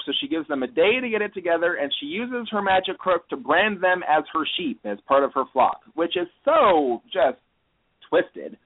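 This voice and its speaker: A man hosting a podcast, recapping an episode in a casual, rambling way full of fillers. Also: fairly high pitch. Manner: rambling, lots of "you know" fillers. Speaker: podcast host. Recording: tinny phone-like line.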